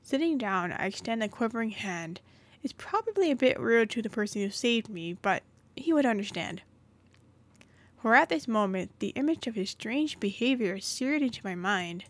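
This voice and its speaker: A woman's voice: fairly high pitch, animated, moderate pace. A woman hosting a gaming channel, reading a story game's narration aloud with occasional asides.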